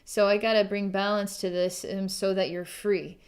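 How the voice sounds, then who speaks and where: A woman giving a recorded psychic reading, musing aloud with halting pauses, frequent ums and sighs, and soft laughs. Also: medium pitch, level tone. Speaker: psychic reader.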